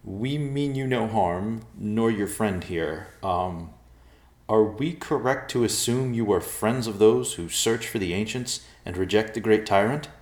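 A man's voice: low voice, lively intonation, normal speed. An anxious tall man speaks in a lifted, hesitant voice, as a man puts him on. He is politely nervous, and the room echoes around him. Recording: roomy echo.

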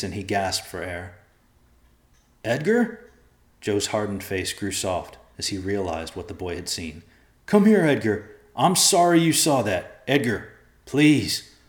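A man with a very deep voice reads a dark story in a measured, grave way. The reading rings in an echoey room. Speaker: narrator. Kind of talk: dramatic audiobook narration.

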